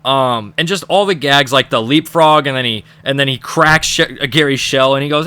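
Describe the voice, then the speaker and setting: A man's voice: mid-range voice, normal speed, few pauses, sharp tone, smooth, dry recording. A young man giving a casual, rambling and profane commentary as he ranks cartoon episodes. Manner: profane, rambling, laughing at jokes. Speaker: episode reviewer.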